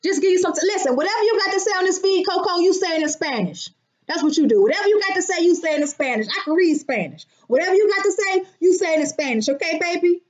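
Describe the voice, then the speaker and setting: A woman's voice: very high-pitched, lively intonation, quick pace, highs cut off. A woman hosting a casual live stream, brash and profane, greeting her viewers by name. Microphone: phone.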